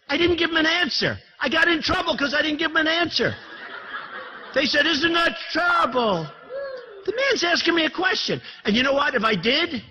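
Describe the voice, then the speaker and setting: A man's voice: very high-pitched, bright, forceful tone. A man in his sixties giving a rambling, boastful campaign speech to an audience in a hall, repeating himself and throwing asides to the crowd. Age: 60s. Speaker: political candidate addressing business leaders. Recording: dull lo-fi recording with faint noise.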